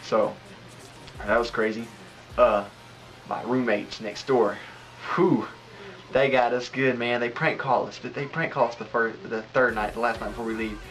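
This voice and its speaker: A man's voice: medium pitch, fairly even intonation, a little slow, a bit bright, faint music behind, rough recording. A young man hosting a casual podcast from a home studio, telling stories in a rambling, laughing way. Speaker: podcast host.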